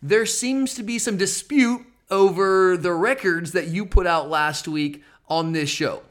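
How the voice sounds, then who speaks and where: A man's voice: high-pitched, measured pace, a bit bright. A man hosting a casual sports betting podcast, teasing his co-host and rambling with frequent restarts.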